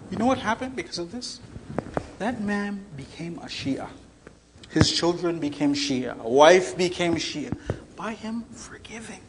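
High-voiced animated male preacher. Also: unhurried, slight background noise, low-quality recording. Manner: animated storyteller acting out voices. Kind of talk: storytelling sermon.

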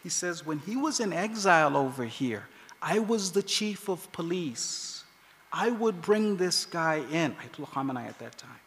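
A man's voice: fairly high pitch, moderate pace. A man preaching a sermon, telling a story animatedly and acting out the voices of the people in it. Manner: animated, acts out quoted voices. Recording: long hall reverb.

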